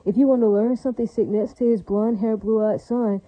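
A woman's voice: fairly high pitch, steady tone, normal speed, dark tone, no room sound, dull audio. A woman speaking in a rambling, repetitive monologue, full of fillers and religious exclamations. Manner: repetitive, emphatic, filler-heavy. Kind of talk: rambling direct-to-camera monologue.

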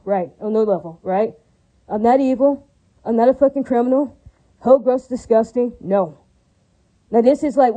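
A woman's voice: fairly high pitch, dark tone, rough recording. A woman in an unscripted rant, repeating herself, swearing and breaking into religious praise. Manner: fast, repetitive, profane and indignant, with religious praise.

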